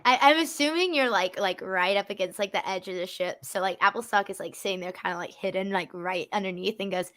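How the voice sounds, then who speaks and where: A woman's voice: mid-range voice, brisk, hardly any pauses, fairly bright tone. A woman player in a tabletop game, chatting casually and rambling with many fillers. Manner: rambling, full of "like".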